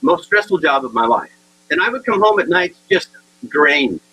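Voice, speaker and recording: A man in his sixties giving a humorous motivational talk, animated and acting out the people in his stories. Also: fairly high pitch, moderate pace, breathy edge, low-quality recording. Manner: animated storyteller acting out dialogue. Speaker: keynote speaker.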